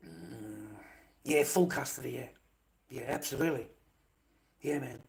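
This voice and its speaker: A man's voice: medium pitch, unhurried, creaky, slightly rough. An Australian man with an Australian accent, ranting aggressively and profanely at his live-stream chat.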